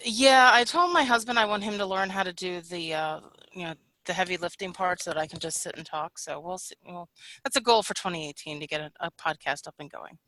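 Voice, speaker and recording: A woman's voice: on the low side, a little fast, sharp tone, no room sound, rough recording. A woman guest on a group podcast, chatting casually and laughing easily.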